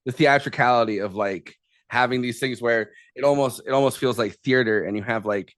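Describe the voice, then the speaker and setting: A man co-hosting a podcast in a casual movie chat, animated as he retells scenes. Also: medium pitch, a little fast, dry recording. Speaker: podcast co-host.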